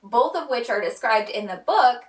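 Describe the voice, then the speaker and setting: A woman's voice: on the high side, animated, moderate pace. A young woman vlogger talking casually and earnestly, with frequent fillers. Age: young adult. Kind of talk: casual chat. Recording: roomy sound from a distant mic.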